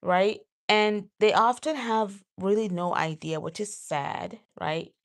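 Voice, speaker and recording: A woman vlogger talking casually to her viewers, getting animated and jumping high when she acts out her own outbursts. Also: takes it slowly. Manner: says "y'all" and "you guys". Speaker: vlogger host. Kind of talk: casual talk to camera.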